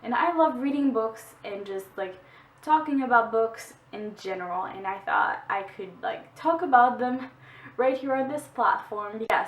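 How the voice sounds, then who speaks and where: A young woman with a Québécois French accent, French her first language, chatting casually about her books with lots of "like". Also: a little high. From Quebec, Canada. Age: young adult. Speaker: booktuber. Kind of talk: casual book haul vlog. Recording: echoey room, distant mic.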